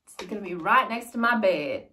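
A young woman vlogging as she unboxes a gift, gushing and excitable, swinging between squeals and soft murmurs. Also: mid-range voice, normal speed. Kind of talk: casual vlog, unboxing a gift. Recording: slightly distant mic with faint noise.

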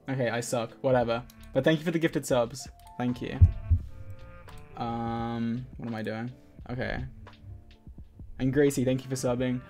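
Casual male streamer, rambling and giggly, middle-pitched voice, soft music underneath. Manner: chatty and scattered, laughs often, thanks viewers. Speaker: live streamer. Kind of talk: casual live-stream chat while gaming. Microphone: desk microphone. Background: faint game music.

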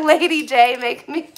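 A young woman with a Western Pennsylvania accent, chatting on a home livestream as she opens gifts from viewers, effusive and quick to laugh. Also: high-pitched, fairly bright tone. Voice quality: effusive, gushing, laughs often. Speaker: vlogger opening viewer donations on a livestream. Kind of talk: casual livestream chat. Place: indoors at home, kitchen area. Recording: echoey room, clear background noise.

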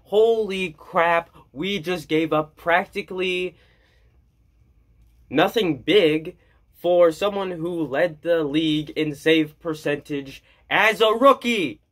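A man vlogging as an excited hockey fan, gushing and jokey, repeating his lines. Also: fairly high pitch, takes it slowly. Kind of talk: excited fan commentary to camera.

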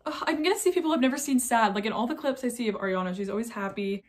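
A woman's voice: on the high side, very fast, faint music behind. A young woman talking casually and thoughtfully in a reaction vlog, with many fillers. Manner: soft-spoken, musing, filler-heavy. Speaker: vlogger reacting to videos.

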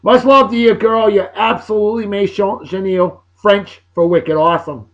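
High-voiced boisterous New man. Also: steady tone, moderate pace, lo-fi sound. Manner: boisterous, joking, rambling. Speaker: host. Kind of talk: casual beer-review vlog.

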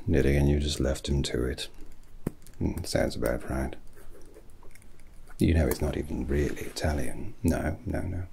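A man voicing an eccentric, rambling British hat maker with a British accent in whispered role-play, soft and breathy, pompous and full of puns. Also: very deep voice, slight background noise, exaggerated voice. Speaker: milliner.

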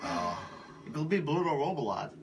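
Lively laughing man host, distant mic. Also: a little high, moderate pace. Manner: laughs often, jokey. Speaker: podcast host. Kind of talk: casual improv chat. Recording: distant mic, faint noise.

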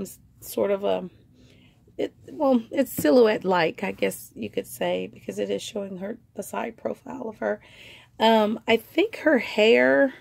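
This medium-pitched woman speaks with vocal fry in a mellow, slightly rough voice while presenting vintage pieces for online sale. It's relaxed show-and-tell, wandering and chatty with lots of filler words.

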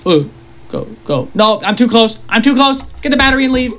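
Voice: mid-range voice, very animated, fairly quick, a bit bright, a little hiss or hum. Jumpy, laughing horror-game player. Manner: jumpy, laughs nervously, frequent startled exclamations. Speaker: gamer playing a horror game. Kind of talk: let's-play commentary.

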